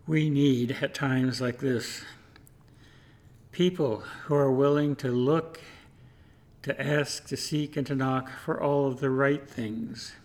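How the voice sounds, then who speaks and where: A man preaching a sermon, telling a story in a measured, rhythmic way. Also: mid-range voice, steady tone, darkish tone. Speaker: pastor.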